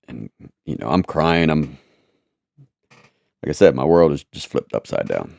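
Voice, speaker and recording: A man telling a personal testimony in a halting, repetitive, earnest way. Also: rumbling low, very animated, gravelly, a little mellow, no room sound.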